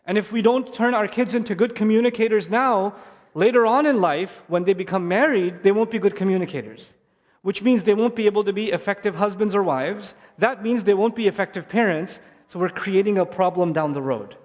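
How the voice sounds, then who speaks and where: A middle-aged man giving an earnest talk with gentle humor to families in a large mosque hall. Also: high-pitched, fairly quick. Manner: earnest and repetitive, with warm humor. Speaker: Islamic speaker addressing families. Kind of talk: sermon-style talk to a live audience. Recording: long reverb of a mosque hall.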